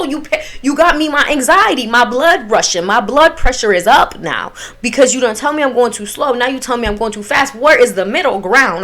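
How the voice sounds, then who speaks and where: A young woman with a fairly high voice spills a storytime vlog in loose, slangy talk. She is animated and keeps turning to her viewers as if they were friends on the couch. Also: a little fast, hardly any pauses. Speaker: vlogger telling a storytime.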